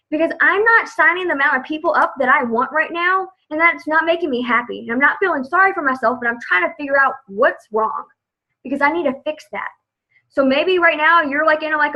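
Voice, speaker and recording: A woman's voice: high-pitched, lively intonation, moderate pace, highs cut off. A woman giving a casual motivational talk to her sales team on a live video, chatty and upbeat, saying "like" a lot. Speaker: direct sales team leader.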